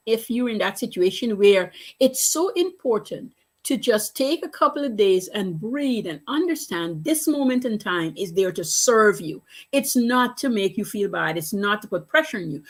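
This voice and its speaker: Woman, business coach, motivational storyteller; slightly raised pitch, earnest and emphatic, repeats key lines. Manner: earnest, repetitive, emphatic phrasing.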